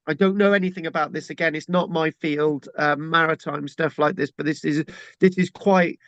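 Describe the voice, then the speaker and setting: Guy chatting through old pics, rambly and jokey, fairly high bright voice. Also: no echo. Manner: rambling, hesitant, jokey with many fillers. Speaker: local historian presenter. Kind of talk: casual illustrated history talk. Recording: dull lo-fi dry recording.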